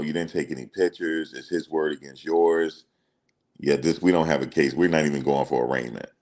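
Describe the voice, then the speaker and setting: Very deep-voiced man riffing casually. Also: a little mellow. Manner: emphatic, repeats phrases, slangy. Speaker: commentary channel host. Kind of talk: casual commentary on celebrity news.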